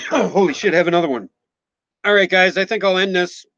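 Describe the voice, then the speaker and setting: A man's voice: high-pitched, moderate pace, a bit bright, no room sound. A man in his forties from Minnesota, with a Minnesotan accent, chatting casually on a live stream, rambling and joking, swearing now and then and thanking viewers by name. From Minnesota, USA. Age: 40s. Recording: slightly muffled, dull sound.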